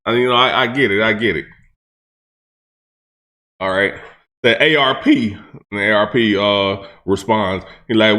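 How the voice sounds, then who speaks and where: A man's voice: lowish voice, fairly even intonation, measured pace, pauses often, pushed and bright. A man hosting a reaction channel who talks in casual slang, breaks down battle rap lines, often repeats himself and restarts his sentences.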